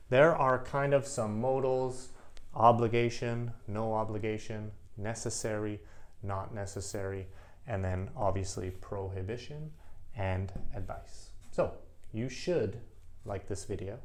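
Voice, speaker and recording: A man teaching an English grammar lesson, speaking slowly and emphatically and repeating each example sentence. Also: on the low side.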